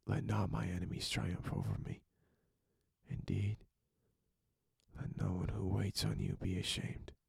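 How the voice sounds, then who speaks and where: A man preaching a quiet devotional sermon, speaking slowly and deliberately and often sinking into a whisper. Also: sits low, level tone, gravelly, slightly rough, no room sound.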